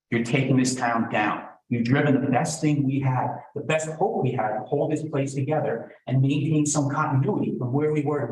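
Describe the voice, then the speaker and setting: A man giving an indignant, accusing public comment at a town meeting. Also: mid-range voice. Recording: echoey room, distant mic.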